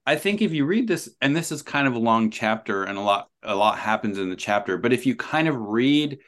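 A man as a podcast guest, explaining his ideas thoughtfully with many pauses, ums and restarts. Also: medium pitch, lively intonation, fairly bright tone. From New Zealand. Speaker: author and guest. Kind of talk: conversational podcast interview.

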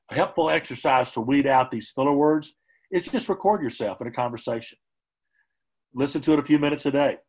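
A man giving a conversational motivational training talk as a sales trainer, often softening his points with casual asides. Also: medium pitch, breathy edge, rough recording. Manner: conversational, hedging with "kind of" and "you know".

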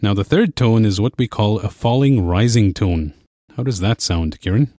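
Patient male language teacher, lowish voice. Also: normal speed, dark tone, dry recording, clean studio sound. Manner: clear, patient explaining. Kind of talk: scripted lesson narration.

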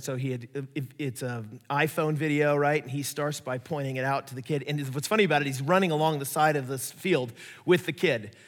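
A man preaching a sermon, telling stories in a lively way and acting out the voices of the people he quotes. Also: fairly high pitch. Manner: animated storytelling, acts out quoted voices. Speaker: pastor. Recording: echoey hall reverb.

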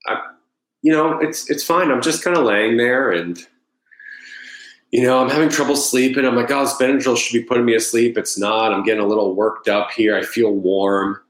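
A man's voice: mid-range voice, normal speed, reverberant, poor audio. A man telling a personal story at length. He rambles, repeats words and acts out his own past thoughts. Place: Los Angeles.

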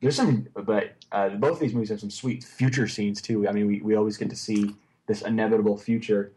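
A man's voice: lowish voice, fairly even intonation, a little fast, warm tone, breathy edge. A man co-hosting a casual movie chat, rambling and enthusiastic, full of fillers and restarts. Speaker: podcast co-host.

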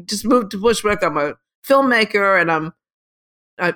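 A woman voicing a friendly male French filmmaker with a French accent, quoted in her story, higher than her own voice. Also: animated, moderate pace, fairly bright tone, natural voice. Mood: eager.

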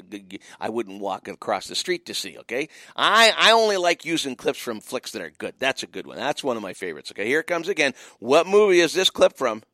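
A man hosting a radio trivia show, his voice swinging up and down with animated, teasing energy. He keeps repeating the call-in number and needles his listeners. The studio sound is close and dry. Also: lowish voice, dry recording. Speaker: radio host running a movie trivia call-in. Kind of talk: casual radio call-in chat.

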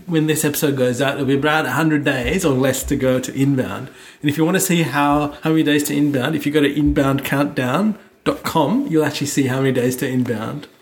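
A man hosting a podcast, casually chatting in an upbeat, brisk manner and steering the conversation. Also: mid-range voice, fairly even intonation. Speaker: podcast host.

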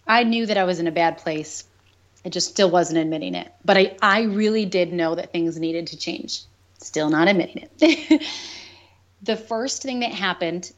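A woman with a lower-pitched voice speaks as a podcast guest, laying out a hard personal story in an earnest, open way. She laughs now and then even at painful moments. The recording sounds dull and lo-fi.

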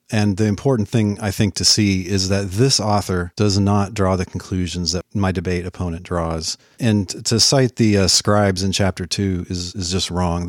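A man's voice: sits low, dry recording, clean studio sound. A man giving confident, dismissive rebuttals in a formal debate.

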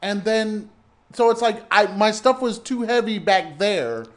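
A man with a notably high voice co-hosts a casual podcast chat. He rants in exasperation, stumbling and repeating words as he drives each point home. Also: lively intonation, unhurried. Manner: ranting, repeats himself, exasperated. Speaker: podcast co-host.

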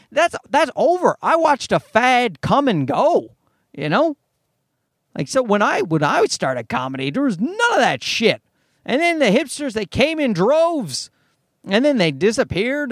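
A comedian and podcast host in his thirties riffs in an animated, profane, rambling comic monologue, set in a parking garage. His voice sits high, and the recording is clean studio sound with no room noise.

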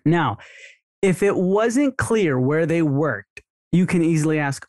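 A man's voice: fairly high pitch, lively intonation, slow, a little mellow, dry recording, studio quality. A man coaching dental teams on marketing in a casual podcast, acting out sample conversations in a raised voice. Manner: chatty, role-plays dialogue in a raised voice. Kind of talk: casual instructional podcast talk.

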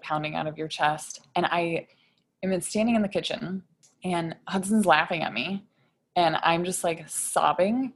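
A woman in her thirties, a podcast guest, telling an emotional personal story with frequent "like" fillers. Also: on the low side. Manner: frequent "like" fillers, rushed retelling.

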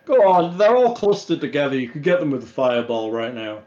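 A man's voice: mid-range voice, lively intonation, brisk, mellow. A man running a tabletop game as game master, narrating in a laid-back, joking way. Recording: dull lo-fi audio.

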